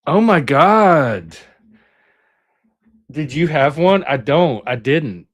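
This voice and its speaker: A man's voice: fairly high pitch, big pitch swings, takes it slowly. Rambling middle-aged man reminiscing. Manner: rambling, self-interrupting, chatty. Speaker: channel host. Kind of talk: casual reminiscing monologue.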